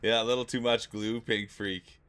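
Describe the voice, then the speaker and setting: A man streaming live from home, chatting casually and warmly with his viewers, greeting them by name and often repeating himself. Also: fairly low pitch, flat delivery, moderate pace, clean tone.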